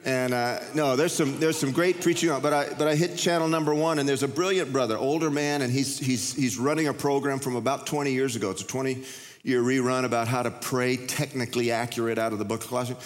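A man's voice: medium pitch, steady tone, fairly quick. Pastor guy, 50s, folksy rambling sermon, echo trailing off in a big church hall. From United States. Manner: folksy, conversational preaching with repeated restarts. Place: church sanctuary. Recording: long reverb of a large hall.

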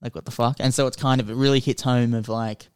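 A man's voice: medium pitch, fairly even intonation, fast, darkish tone, clean tone, no room sound, studio quality. A man co-hosting a podcast, telling a film's story in a casual, rambling way with lots of filler words. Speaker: podcast co-host. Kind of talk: casual film chat.

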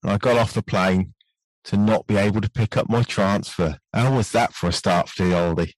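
A British man hosting a podcast in a gentle, soft-spoken way. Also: lowish voice, normal speed, no echo, rough recording. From United Kingdom. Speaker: podcast host. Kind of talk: casual podcast chat.

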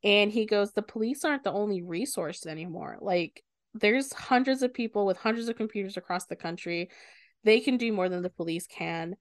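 A woman's voice: mid-range voice, brisk, dry recording, clean studio sound. Swearing woman retelling a plot. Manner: animated retelling, swears often. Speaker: podcast co-host. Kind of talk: casual book discussion.

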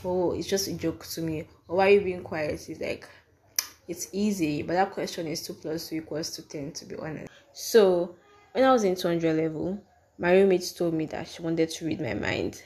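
A woman's voice: lowish voice, moderate pace, warm tone. A young woman co-hosting a podcast, talking in a casual, emphatic way, often repeating her points and acting out the questions people ask. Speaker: podcast co-host. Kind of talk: casual chat.

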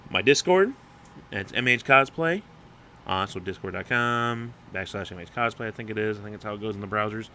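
A young man hosts a solo podcast with no script, his voice bright and forceful. He rambles, restarts his sentences and swears freely as he gets hyped. A faint hiss sits under him. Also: medium pitch. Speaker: podcast host. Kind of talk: unscripted solo podcast rant.

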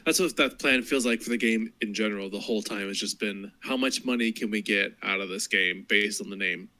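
A man co-hosting a casual chat about video games, lively and quick to laugh. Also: lowish voice. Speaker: podcast co-host.

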